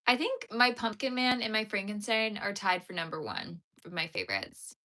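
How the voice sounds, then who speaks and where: A woman's voice: mid-range voice, big pitch swings, normal speed, pushed and bright. A woman hosting a crochet livestream, chatting casually and answering viewer comments as they come in. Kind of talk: casual chat with live viewers.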